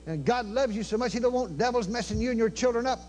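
A man preaching in a folksy manner, telling stories and acting out the dialogue, swinging between quiet murmurs and loud cries. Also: very high-pitched, quick pace. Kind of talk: storytelling sermon.

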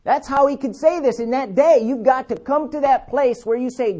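A man preaching a sermon, emphatic, repeating key words and slowing down to read scripture. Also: very high-pitched, dark tone, lo-fi sound.

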